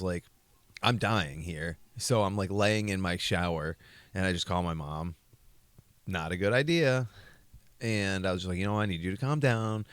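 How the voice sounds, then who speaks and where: Low-voiced rambling podcast guy. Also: no room sound. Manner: rambling, profane, self-mocking. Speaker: podcast co-host. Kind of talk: casual comedic storytelling.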